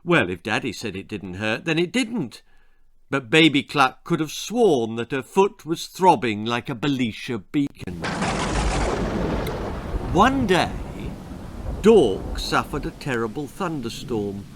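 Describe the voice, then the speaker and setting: A man's voice: mid-range voice, sing-song, slow, fairly bright tone. A man, the author, reading a children's horror-comedy story aloud in a playful, theatrical way.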